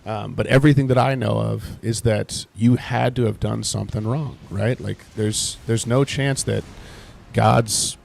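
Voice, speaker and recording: A man talks through scripture on a live stream, loose and rambling, full of fillers as he puts old texts into everyday words. His voice sits low and carries a heavy gravelly fry. A faint hiss of noise runs underneath. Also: steady tone, a little slow, darkish tone. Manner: rambling, many fillers, paraphrases scripture in casual speech; reacts to game and chat in low muttering asides. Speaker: streamer leading Bible study. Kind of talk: casual live-stream teaching while gaming.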